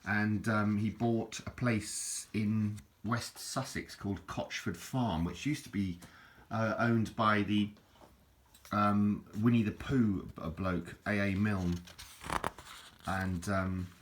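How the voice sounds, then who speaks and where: A man's voice: fairly low pitch, fairly even intonation, takes it slowly. A man, rambling chattily and self-mockingly as he shows a book and talks about it. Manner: rambling, chatty, self-deprecating, many restarts and fillers. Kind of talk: casual rambling book show-and-tell.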